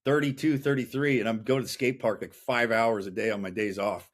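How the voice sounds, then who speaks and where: A man's voice: medium pitch, fairly even intonation, fairly quick. A man in his thirties, a podcast guest, telling his story in a blunt, profane, intense way. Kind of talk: casual interview chat.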